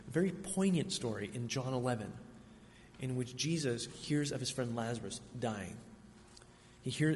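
A man preaching a sermon, earnest and emphatic, with dramatic pauses between phrases. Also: medium pitch. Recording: reverberant hall, faint ambient noise.

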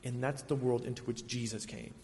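A man preaching a sermon, earnest and emphatic, with dramatic pauses between phrases. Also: medium pitch, level tone, a little mellow. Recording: reverberant hall, faint ambient noise.

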